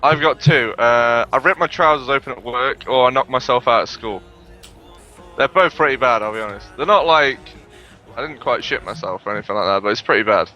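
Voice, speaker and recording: A man's voice: medium pitch, fairly quick, highs cut off, soft background music. A young man, a podcast co-host telling rambling, sweary anecdotes in casual chat.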